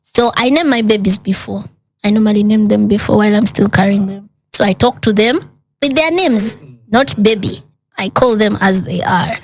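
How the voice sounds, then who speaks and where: An earnest woman shares a hard personal story as a guest. She talks in a lively way, slipping into the voices of the people she quotes. Her voice sits in an ordinary middle pitch. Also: normal speed. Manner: animated retelling with quoted dialogue, earnest.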